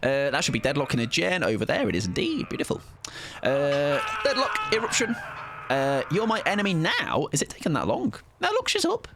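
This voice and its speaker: A young man chats through his live game stream with jokes, casual swearing and playful mock-villain taunts. His pitch jumps all over, from low mutters to high squeals. A faint hiss sits under his desk-mic voice. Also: sing-song, a little fast. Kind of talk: live gameplay commentary.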